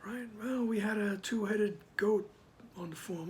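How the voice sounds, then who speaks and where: A man reading a spiritual text aloud and stopping to explain it, deliberate, sometimes dropping to a soft whisper. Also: sits high, a little hiss or hum. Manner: deliberate, drops to a soft whisper on some phrases. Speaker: spiritual text reader and teacher. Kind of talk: slow devotional reading with commentary.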